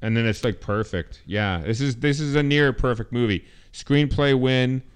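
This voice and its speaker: A man's voice: medium pitch, normal speed, clear, resonant tone. A man co-hosting a casual movie podcast, speaking bluntly and swearing as he jokes. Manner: blunt, profane, joking. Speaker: podcast co-host. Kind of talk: casual movie-review chat.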